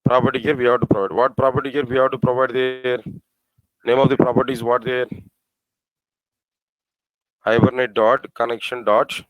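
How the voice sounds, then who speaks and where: A man at a middle pitch teaches a live coding lesson, asking his class rhetorical questions and repeating his phrases. He spells out code slowly, one part at a time. The recording is dry and close. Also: flat delivery, no room sound, muffled recording. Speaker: programming teacher.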